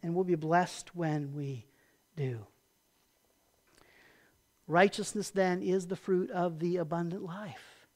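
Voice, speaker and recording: A pastor delivers a sermon, reading scripture with building emphasis, then unpacking it conversationally and posing rhetorical questions. He often closes a point in a low, hushed voice. His tone stays steady, and he speaks slowly with long pauses.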